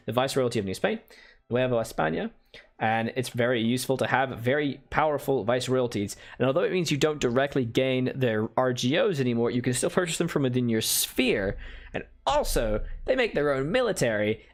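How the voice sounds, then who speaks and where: A man with a mid-range voice streams a strategy game, giving casual commentary. He explains his moves, answers viewer chat, and tosses in playful asides.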